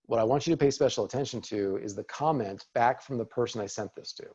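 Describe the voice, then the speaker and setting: Here a man with a medium, darkish, slightly rough voice talks quickly while leading a relaxed webinar on video for business, responding to people in the chat. He's a real estate team leader giving a video training, and his tone stays upbeat and encouraging. The recording sounds dull.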